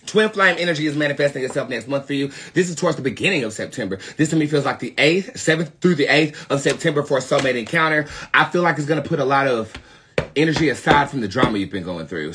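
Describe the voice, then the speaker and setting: A young man from North Carolina with a Southern accent, hosting a live tarot reading stream and talking to viewers in a sassy, profane way that swings from loud to muttered asides. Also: mid-range voice, fast talker, background noise. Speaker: tarot reader, live show host.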